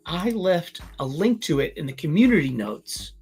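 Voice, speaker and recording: A man hosting a casual comics livestream, talking in a rambling, halting way with many fillers and restarts. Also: a little high, sing-song, a little mellow, husky, soft background music. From Boston area. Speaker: comics review livestream host.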